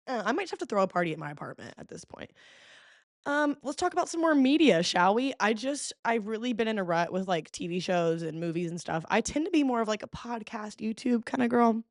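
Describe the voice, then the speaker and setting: A woman's voice: medium pitch, animated, moderate pace, no room sound, clean studio sound. A young woman hosting a casual solo podcast, playful and dramatic, humming bits of songs. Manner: playful, dramatic, hums and sings along to songs. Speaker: podcast host.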